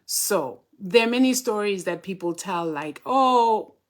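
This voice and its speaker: A woman's voice: medium pitch, animated, measured pace. A woman casually hosting a livestream, greeting viewers one by one by name and mixing in Zulu and Xhosa. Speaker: spiritual teacher hosting a livestream.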